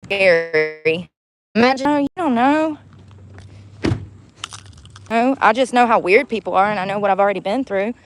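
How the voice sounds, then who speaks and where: A woman's voice: medium pitch, expressive, normal speed, long pauses, a little hiss or hum. A woman ranting heatedly on a casual livestream, swearing often and repeating herself for emphasis. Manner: heated, profane, repetitive. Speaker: livestream host.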